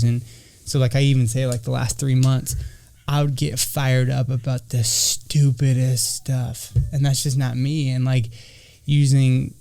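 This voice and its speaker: A man's voice: medium pitch, creaky, warm tone. A man speaking in an encouraging and candid way in a casual podcast chat. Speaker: podcast guest, returning regular.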